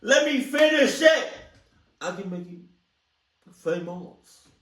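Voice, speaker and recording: A man's voice: high voice, lively intonation, slow, fairly bright tone, reverberant, far from the mic, pitched above the performer's own voice, full character voice. Man putting on a sleazy fake-French photographer. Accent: mock French. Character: sleazy fake-French male photographer, smooth-talking creep.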